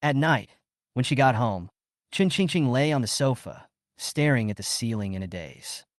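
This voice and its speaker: A man reading a scripted story recap as its narrator, in a steady storytelling manner. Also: mid-range voice, moderate pace, dry recording, clean studio sound.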